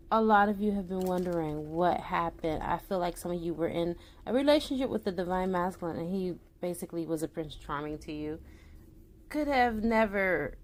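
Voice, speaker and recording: A woman reading tarot for her viewers, a naturopath who talks in an excitable, chatty way straight to the audience and slips into a solemn tone for invocations. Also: fairly low pitch. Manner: solemn invocation voice when calling spirits.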